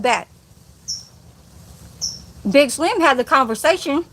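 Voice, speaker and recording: A woman with a high voice tears into a critic on her live stream, heavy with profanity and confrontational. She speaks straight at the person she's addressing, with a faint hum of noise behind her. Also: measured pace, a bit bright. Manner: profane, combative, addresses viewer directly. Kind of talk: angry live-stream rant.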